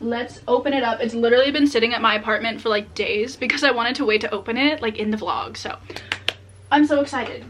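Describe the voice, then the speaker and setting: A young adult woman vlogging casually as she unboxes books, excitable and chatty with many filler words. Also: fairly high pitch, noisy background. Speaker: book vlogger.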